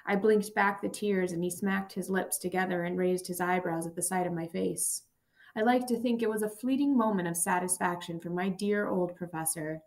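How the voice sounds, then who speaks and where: A woman narrating a first-person memoir audiobook in a measured, quiet and somber reading. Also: fairly low pitch, fairly even intonation.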